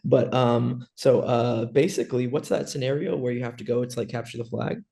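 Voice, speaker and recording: A man hosting a relaxed podcast with friends, telling his stories in a lively way. He acts out both sides of each exchange as he goes, and his voice sits at an ordinary middle pitch. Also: brisk, gravelly. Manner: animated storyteller, acts out both sides of the talk. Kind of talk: casual podcast chat.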